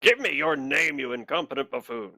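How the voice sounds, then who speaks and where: A man's voice: medium pitch, lively intonation, fairly quick, sharp tone, no echo, studio quality, voice pushed up, heavily acted. A man voicing an impatient, haughty male arbitrator official who barks orders over a comm line. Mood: imperious. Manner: barking, imperious.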